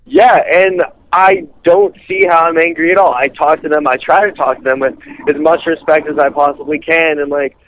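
A man's voice: a little high, steady tone, normal speed, a bit bright. A seventeen-year-old boy from Colorado calling in to a radio show, hesitant and full of "like" and "um". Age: teens. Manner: hesitant, lots of "like" and "um". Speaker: caller. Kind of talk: phone-in conversation. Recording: dull, dry phone-in line.

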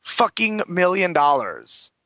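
An animated show host gossiping about celebrities, the voice swooping up and down with a gravelly edge. It sounds bright and close in a dry, dull lo-fi recording. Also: medium pitch, slow, dry recording. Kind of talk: casual celebrity gossip chat.

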